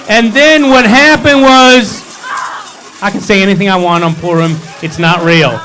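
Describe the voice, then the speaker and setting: A man's voice: high voice, measured pace, bright, forceful tone, soft background music, low-quality recording. A man leading a congregation, retelling a scripture story in a playful, joking way full of wry asides. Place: synagogue hall.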